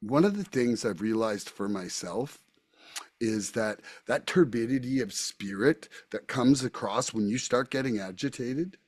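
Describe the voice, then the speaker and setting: A man's voice: mid-range voice, expressive, a little slow. A man hosting a recovery podcast, speaking candidly and casually, often repeating his words as he thinks. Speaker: podcast host.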